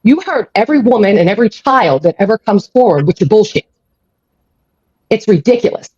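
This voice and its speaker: A woman's voice: mid-range voice, big pitch swings, brisk, darkish tone, husky, no echo. A woman hosting a live stream, ranting angrily and swearing often, repeating her points. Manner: angry, profane, repeats herself. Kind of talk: heated live-stream rant. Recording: dull lo-fi audio.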